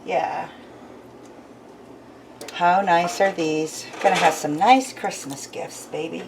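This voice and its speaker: A woman's voice: fairly low pitch, steady tone, slow, creaky, background noise. Chatty woman in a home kitchen. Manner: chatty, laughs often, talks to viewers. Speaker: homestead vlogger. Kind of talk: casual kitchen chat.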